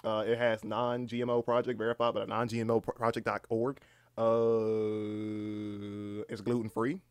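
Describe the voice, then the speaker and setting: A man chatting casually on a live stream, rambling and swearing freely, reading aloud haltingly with lots of fillers. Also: lowish voice, little pitch movement, clear, resonant tone, no room sound. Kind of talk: casual livestream chat.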